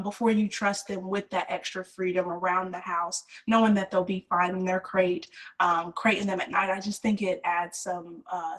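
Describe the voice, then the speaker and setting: A woman's voice: mid-range voice, fairly bright tone, poor audio. Chatty woman staffer. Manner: chatty, lots of "like" and "um", laughs easily. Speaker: staff member. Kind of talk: casual chat.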